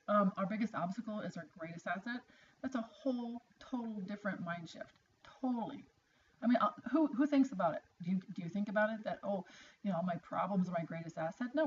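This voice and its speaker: An earnest middle-aged woman speaks in a chatty, encouraging way, the tone of a motivational vlog. Her voice sits at an ordinary pitch for a woman. The recording sounds a bit dull and lo-fi, with a faint hiss underneath. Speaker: vlogger. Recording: slightly dull lo-fi audio with faint noise.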